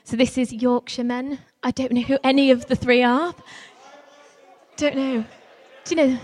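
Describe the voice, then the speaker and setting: A woman stands before a live audience and spins a comic story about her work with young carers. She is chatty and quick to laugh at herself, with a slightly high voice. A long hall reverb trails after every phrase. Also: level tone, darkish tone. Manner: chatty and self-mocking, laughing often. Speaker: young carers worker giving a talk.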